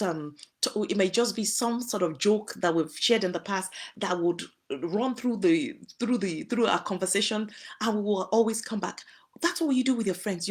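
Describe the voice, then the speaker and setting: A woman from Nigeria speaks straight to her listeners about friendship in marriage. Her voice sits at a middle pitch and has a husky, breathy edge. She advises in an earnest way, reaching for everyday examples. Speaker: host. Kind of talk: relationship talk to listeners.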